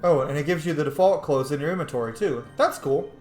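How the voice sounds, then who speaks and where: Gaming host: excitable, jokey man chatting over gameplay in a roomy space. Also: fairly high pitch, fast, faint music behind. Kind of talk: casual let's-play commentary.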